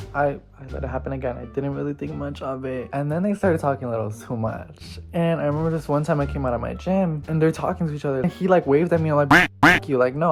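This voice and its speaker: A man with a slightly high voice tells a casual storytime. He talks in a loose, chatty way, leaning on "like", and acts out what people said. Soft music plays faintly behind him. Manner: chatty, lots of "like", acts out quotes. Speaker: vlogger. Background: faint background music.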